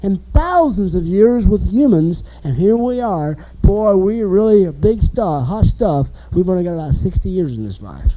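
An animated man preaching an informal sermon, his voice dark and mellow. His pitch swings widely as he drives points home with emphasis. He keeps asking the listeners questions. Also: moderate pace, few pauses, low-quality recording.

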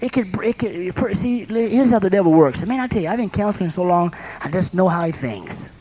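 High-voiced man preaching with lively storytelling. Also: fairly quick, poor audio. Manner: lively storytelling, acts out scenes with sound effects; laughs between points. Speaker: preacher and counselor. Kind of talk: sermon.

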